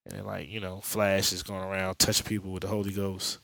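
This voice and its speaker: A man with a lowish voice rambles through a comic-book recap, full of slang and swearing. The podcast mic sounds dry and close. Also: completely flat delivery, fairly quick, vocal fry, a bit bright, dry recording. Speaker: podcast host.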